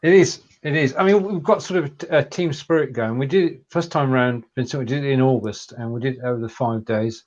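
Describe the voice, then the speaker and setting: A man co-hosting a live video show, announcing dates and explaining plans in a steady, casual way. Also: mid-range voice, fairly quick, hardly any pauses, highs cut off. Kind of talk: casual live-stream chat.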